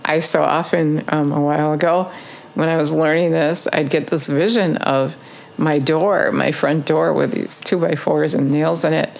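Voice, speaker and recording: A woman delivers an informal video sermon, her voice sitting low with a gravelly fry. She presses her points with earnest repetition and often pauses on an um. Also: steady tone, darkish tone. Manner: earnest, repetitive exhortation with frequent ums. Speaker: online preacher.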